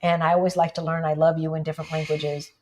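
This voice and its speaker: A woman from the United States co-hosting a casual livestream, chatting with viewers and often asking "right?". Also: quick pace. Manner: animated, jumps up in pitch for emphasis. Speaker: livestream co-host.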